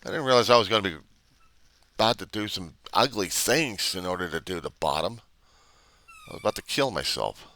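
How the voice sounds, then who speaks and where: A man's voice: sits low, lively intonation, fairly quick, long pauses, bright, forceful tone, no room sound. A man talking unscripted to his camera about recovery, blunt and profane, rambling and questioning himself. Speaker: recovery video diarist. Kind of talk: unscripted confessional monologue.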